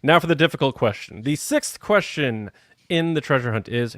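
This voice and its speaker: Male podcast host at a mid-range pitch, upbeat and conversational. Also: expressive, moderate pace, no room sound, studio quality. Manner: upbeat, reads listener comments and runs a trivia segment. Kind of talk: casual aftershow chat.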